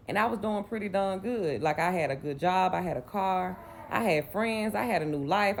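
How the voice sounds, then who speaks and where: A woman's voice: low voice, a little hiss or hum. A Southern US woman from Mississippi in her late twenties, telling a personal story in a candid, rambling way. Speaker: vlogger.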